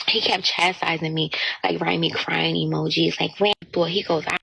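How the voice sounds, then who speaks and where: A woman's voice: deep voice, fairly even intonation, moderate pace, vocal fry, a bit bright, slightly rough, no room sound, rough recording. A young woman ranting in an indignant, exasperated storytime, quoting what others said, in a played-back clip with faint noise. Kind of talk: casual storytime rant to camera.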